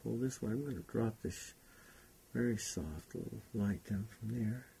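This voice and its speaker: A painting instructor with a lowish, creaky, husky voice and a dark tone talks at a normal speed. He leads a relaxed demonstration, speaking unhurriedly and thinking aloud as he paints.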